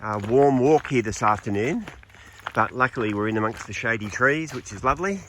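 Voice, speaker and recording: A man, chatting casually in a travel vlog while walking outdoors, easygoing and relaxed. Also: mid-range voice, a little fast. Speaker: vlogger walking a pilgrimage trail.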